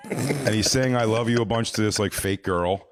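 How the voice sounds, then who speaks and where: Low-voiced man telling stories on a podcast. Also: moderate pace. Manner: animated storyteller, jumps into high squealing voices for the people he quotes. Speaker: podcast co-host. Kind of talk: casual comedy podcast banter.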